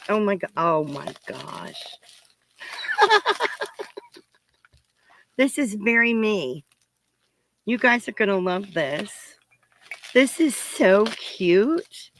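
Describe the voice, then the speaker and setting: A woman's voice: mid-range voice, slight background noise, poor audio. A woman hosting her crafting channel, chatting casually to viewers as she opens their parcels, gushing and giggling often. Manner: thinks aloud while unwrapping. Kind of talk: casual unboxing chat to viewers.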